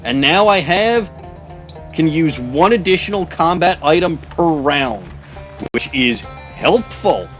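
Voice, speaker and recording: A man's voice: fairly high pitch, lively intonation, slow, a bit bright, faint music behind. A man playing a text game, reading its narration aloud with wry, chuckling asides. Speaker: game player.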